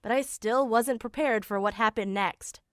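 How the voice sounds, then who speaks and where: A woman's voice: a little high, moderate pace, clean tone, dry recording, close to an everyday voice. A woman voicing an eighteen-year-old girl narrating her own story in an animation, in a plain, matter-of-fact way, as scripted first-person narration. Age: young adult.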